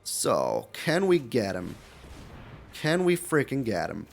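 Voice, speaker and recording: A man giving live gameplay commentary as a card game streamer, animated and repeating his phrases with lots of mild swearing. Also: medium pitch, slow pace, gravelly, soft background music.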